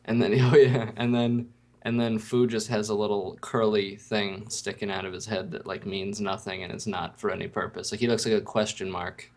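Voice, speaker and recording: A man's voice: fairly low pitch, flat delivery, normal speed, darkish tone. A young man co-hosting a podcast in casual chat, laid-back and joking, laughing often. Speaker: podcast co-host.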